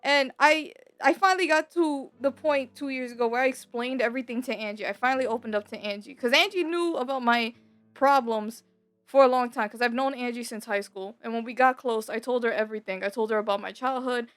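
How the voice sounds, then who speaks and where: A woman's voice: fairly high pitch, fairly quick, a bit bright, faint music behind. Young woman confiding with rambling fillers. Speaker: gaming YouTuber. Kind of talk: candid personal vlog talk. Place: home.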